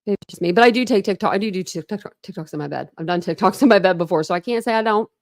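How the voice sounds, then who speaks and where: A woman's voice: mid-range voice, racing, no echo, studio quality. A woman hosting a true crime commentary stream, chatting in a rambling, teasing way. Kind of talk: casual reaction commentary.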